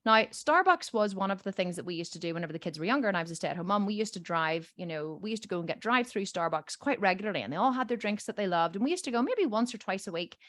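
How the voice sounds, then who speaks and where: A woman's voice: medium pitch, animated, quick pace, hardly any pauses, a bit bright, dry recording. Emphatic woman host telling a story. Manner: acts out quoted voices in her stories. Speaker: podcast host and coach; mother. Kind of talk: storytelling monologue.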